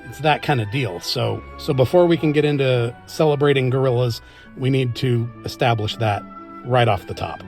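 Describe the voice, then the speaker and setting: A man's voice: mid-range voice, normal speed, a little mellow, faint music behind. A man casually commenting on his own comic, chatty and prone to laughing as he explains it. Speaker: comic artist and creator.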